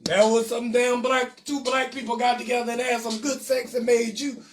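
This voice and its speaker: High-voiced man roasting viewers live. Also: little pitch movement, moderate pace. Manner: loud, teasing, roasting viewers' names. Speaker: host. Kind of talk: live-stream comedy banter. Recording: echoey room, far mic, faint music.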